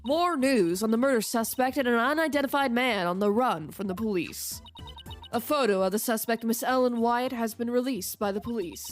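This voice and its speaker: A TV news anchor with a formal, measured newsreader delivery, as a woman reads the part. The tone stays even and official. Game music sits in the background. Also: fairly high pitch, lightly acted.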